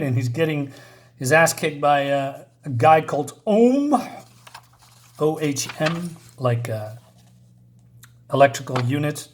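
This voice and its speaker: A man casually reviewing an old comic book, rambling with many fillers. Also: fairly high pitch.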